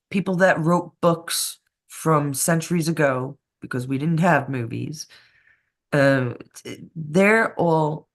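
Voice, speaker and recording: A woman with a low, gravelly voice co-hosts a casual conspiracy talk show, chatting and laughing often as she jumps from topic to topic.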